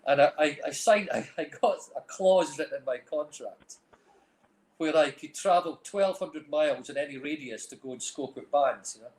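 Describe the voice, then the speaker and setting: A man's voice: fairly high pitch, normal speed, darkish tone. A middle-aged Scottish man with a Dundee accent, rambling through stories as an interview guest, full of "like, you know". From Scotland. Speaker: guest, film director and music manager. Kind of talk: casual chat. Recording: roomy echo.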